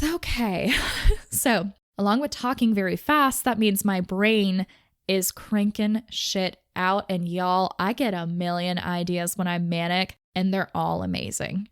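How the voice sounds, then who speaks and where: A young woman talks in a candid, chatty podcast style, her everyday voice sitting at a middle pitch. She rattles along in quick bursts, full of "like", and the recording is close and dry with no room around her. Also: fairly even intonation, clear, resonant tone, no echo. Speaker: podcast host. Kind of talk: casual personal talk on mental health.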